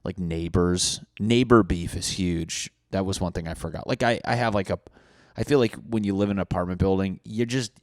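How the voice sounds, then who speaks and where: A young man hosting a solo comedy podcast, swearing and riffing, acting out angry neighbors in loud mock voices. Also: deep voice, normal speed, dry recording, clean studio sound. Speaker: podcast host.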